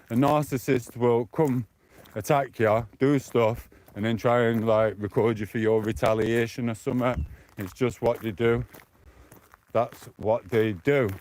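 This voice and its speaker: A British man from the UK is live-streaming on his phone as he walks along streets outdoors, chatting to his viewers in a rambling, defensive way. His voice sits at medium pitch with a steady tone, a moderate pace and a slightly mellow quality.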